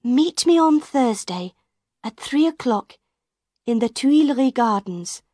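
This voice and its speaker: A woman reading the part of a gentle young woman writing to the man she loves. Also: sits high, animated, slow pace, no room sound, clean studio sound, pitched above the performer's own voice, heavily acted. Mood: tender. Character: tender young woman writing to her sweetheart.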